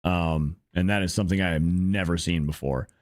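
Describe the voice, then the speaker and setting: A man's voice: sits low, fairly even intonation, normal speed, no room sound, studio quality. A young man hosting a gameplay channel, rambling through casual commentary with profane, frustrated grumbling. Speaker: gaming channel host.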